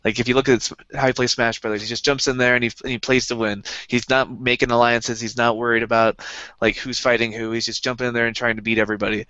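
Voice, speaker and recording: A man co-hosting a podcast, chatting casually and telling animated stories. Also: mid-range voice, fast talker, dry recording, muffled recording. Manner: animated storyteller who acts out friends' voices. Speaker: podcast co-host. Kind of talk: casual chat.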